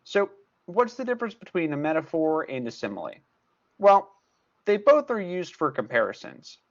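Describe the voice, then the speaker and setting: A man's voice: on the high side, big pitch swings, moderate pace, highs cut off. A man tutor explaining a lesson step by step, repeating key points with emphasis. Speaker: math tutor. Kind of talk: recorded class lesson.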